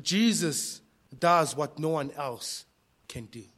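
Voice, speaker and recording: A male pastor preaching a sermon, impassioned, swinging between hushed lines and loud cries. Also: a little high, expressive, slow pace.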